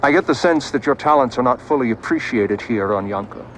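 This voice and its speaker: A man's voice: medium pitch, brisk, a little hiss or hum, close to an everyday voice, rough recording. An actor playing a courteous male demon patron, speaking in a suave, formal and dry way. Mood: smooth recruiting.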